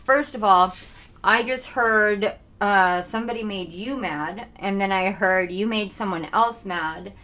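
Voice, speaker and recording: A young woman giving a channeled tarot reading to her viewers, talking fast, intense and earnest. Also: mid-range voice, pushed and bright. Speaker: tarot reader.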